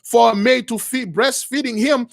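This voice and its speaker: A man's voice: very high-pitched, steady tone, normal speed, vocal fry. A man retelling a religious story as a preacher, rambling with many restarts and calling his listeners brothers.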